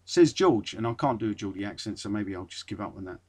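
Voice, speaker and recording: A man's voice: on the low side, animated, fast, darkish tone. A man hosting a podcast, reading an old article aloud and breaking off with dry, wry asides. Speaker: podcast host.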